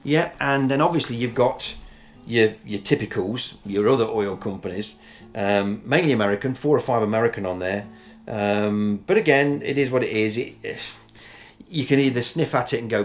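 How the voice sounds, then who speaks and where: A man's voice: on the low side, moderate pace, faint music behind. A man giving casual, opinionated commentary as a news vlogger, talking in a chatty, rambling way with many ums and restarts.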